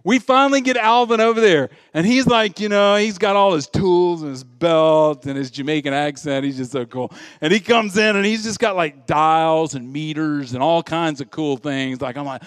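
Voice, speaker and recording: A man's voice: fairly high pitch, moderate pace, few pauses, smooth, dry recording, clean studio sound, big-room sound. A male pastor preaching a sermon, telling stories with humor and acting out the voices of the people in them. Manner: animated storytelling, acts out quoted voices; humorous, self-deprecating asides.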